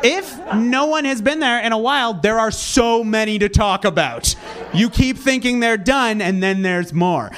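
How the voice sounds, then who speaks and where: A young man doing a stand-up comedy set, rambling and sarcastic, with deadpan asides and sudden loud outbursts. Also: sits high, moderate pace. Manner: sarcastic, rambling, self-deprecating.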